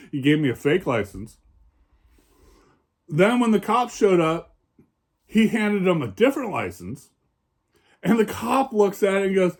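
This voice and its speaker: A man's voice: high voice, darkish tone. A man vlogger ranting about bad drivers, profane, heated and sarcastic, from the American Northwest. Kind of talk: angry personal rant. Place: home in Oregon.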